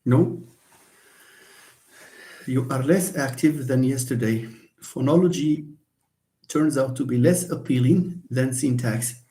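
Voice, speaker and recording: A linguistics lecturer with a medium-pitched, warm voice addresses a class in an echoey room. He speaks slowly and haltingly, thinking aloud with many restarts and hesitations.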